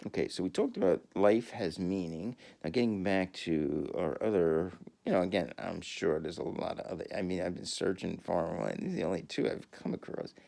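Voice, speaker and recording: A man in a rambling, profane monologue who laughs often and swings from mumbling to shouting. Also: sits low, brisk, vocal fry, few pauses. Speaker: video host.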